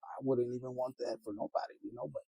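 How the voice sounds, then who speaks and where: A man's voice: mid-range voice, flat delivery, quick pace, warm tone, dry recording, rough recording. A man giving a rambling, casual tarot reading, laughing often, swearing freely and slipping into Spanish. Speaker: tarot reader.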